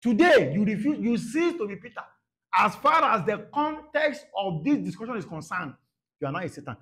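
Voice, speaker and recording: A man preaching a sermon, dramatic, dropping to soft murmurs and then bursting out, repeating phrases for emphasis. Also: high voice, sing-song, moderate pace. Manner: repeats phrases for emphasis, laughs at his own points. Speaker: pastor.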